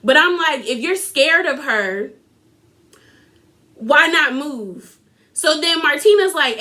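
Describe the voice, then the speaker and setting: High, bright-voiced gossipy woman. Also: lively intonation, slow pace, long pauses. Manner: gossipy, opinionated, addresses viewers directly. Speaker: reality TV recap vlogger. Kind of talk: casual chatty recap.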